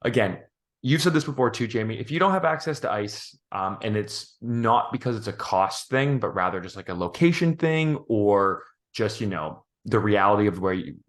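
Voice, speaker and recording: A man co-hosting a podcast, thinking out loud in a rambling, thoughtful way with many restarts. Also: lowish voice, animated, normal speed. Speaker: podcast co-host. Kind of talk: casual podcast chat.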